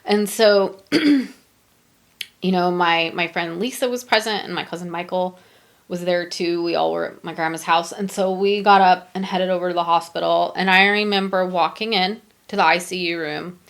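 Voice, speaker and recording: A middle-aged woman hosts a podcast and tells a personal story. Her voice sits low, with a gravelly edge. She talks haltingly and emotionally, with many pauses and fillers. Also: fairly even intonation. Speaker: podcast host.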